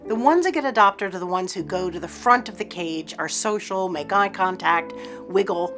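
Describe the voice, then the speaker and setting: A woman who runs an animal rescue, giving a steady, informative documentary interview. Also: fairly low pitch, normal speed. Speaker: executive director of an animal rescue. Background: music.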